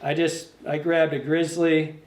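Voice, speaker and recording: Man, fly tying instructor, loose rambling delivery, pitched a bit high, roomy echo. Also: little pitch movement, unhurried. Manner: rambling, self-correcting, talks to the fly as he works. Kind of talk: casual hands-on tutorial. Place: fly shop tying bench.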